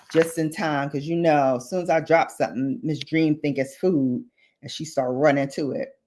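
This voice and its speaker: A woman's voice: low-pitched, fairly even intonation, moderate pace, slight background noise. A woman beauty vlogger chatting casually on a livestream while doing her makeup, reading out viewer comments and drifting onto tangents.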